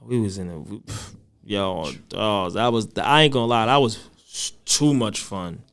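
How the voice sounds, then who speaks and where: A man's voice: fairly low pitch, normal speed, a bit bright, clean tone. Young man, rapper guest, loose slangy storyteller. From Boston. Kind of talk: casual chat.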